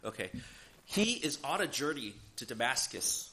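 A man gives a sermon in a church, talking in an easy, conversational way. He is animated and drops in joking asides. His voice sits at an ordinary pitch for a man. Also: normal speed, breathy edge. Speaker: preacher. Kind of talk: sermon with live interpretation.

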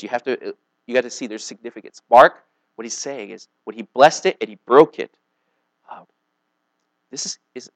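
A man's voice: medium pitch, creaky, no room sound. A man giving a casual, jokey sermon, acting out voices and asides as he tells stories. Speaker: pastor.

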